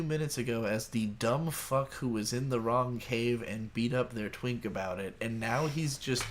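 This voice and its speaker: A man's voice: medium pitch, moderate pace, few pauses. A man co-hosting an anime podcast, talking in a rambling, crude, joking way. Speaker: podcast co-host. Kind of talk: casual anime discussion.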